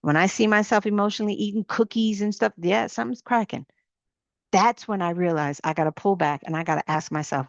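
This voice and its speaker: A middle-aged woman who works as a ministry coach delivers an informal sermon to women, growing more animated as she builds through repeated questions. Her voice sits at a medium pitch and moves at a normal speed. The lo-fi recording has no room sound.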